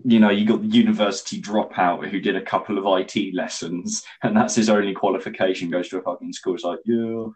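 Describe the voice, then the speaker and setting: Young man, lowish voice, casual and blunt, swears a lot, laughs easily. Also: steady tone, fast, few pauses, breathy edge. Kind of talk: casual chat.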